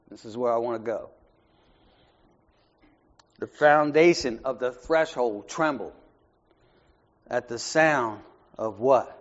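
This medium-pitched man hosts an informal Bible study, talking conversationally as he swings between gentle asides and emphatic moments and keeps asking "right?" It's captured in a muffled, lo-fi recording.

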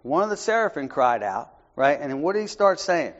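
A man runs a casual Bible study, chatting in a style that moves between quiet asides and louder emphasis while often asking "right?" His voice sits a bit high and sing-song, and he talks briskly with barely a pause. The recording is muffled and lo-fi.

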